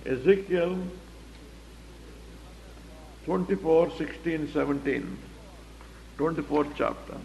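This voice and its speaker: A man's voice: a little high, takes it slowly, creaky, long pauses, a little mellow, slight background noise. A man teaching the Bible verse by verse, explaining it plainly and asking rhetorical questions. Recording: echoey hall, dull lo-fi recording.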